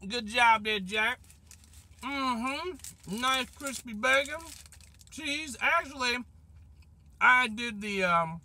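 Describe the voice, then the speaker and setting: A man speaks in an extremely high register with a sharp, bright tone. He chats in a casual, upbeat way while sitting in his car, looping back to the same catchphrases. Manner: chatty, upbeat, repeats catchphrases. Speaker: vlogger reviewing fast food. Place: in a parked car.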